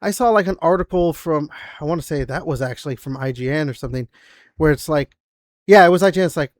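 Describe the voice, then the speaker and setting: A man with a fairly high voice chats casually on a gaming podcast, rambling through loose sentences packed with fillers and frequent swearing. His voice sits close and dry on the mic, with no room sound around it. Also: fast, dry recording. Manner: rambling, filler-heavy, profane. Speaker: podcast co-host.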